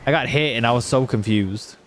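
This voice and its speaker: A man streaming a game and chatting loosely with his viewers. His voice sits at an ordinary middle pitch. He rambles, restarts his sentences and swears freely. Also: fairly quick, fairly bright tone, faint music behind. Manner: rambling, sweary, talks to chat while playing. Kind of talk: casual gameplay chat.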